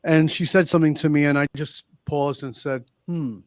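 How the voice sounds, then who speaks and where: A man's voice: a little high, steady tone, normal speed, no room sound, studio quality. A middle-aged man coaching leaders, telling blunt stories in an interview and acting out both sides of each exchange. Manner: blunt, emphatic, acts out both sides of dialogues. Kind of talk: storytelling in an interview.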